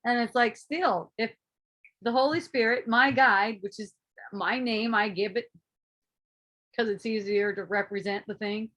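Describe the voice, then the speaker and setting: Woman, high-pitched, spiritual teacher in casual talk, animated, playful, swears. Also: unhurried. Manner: animated, swearing, acting out her own inner voices, laughing often.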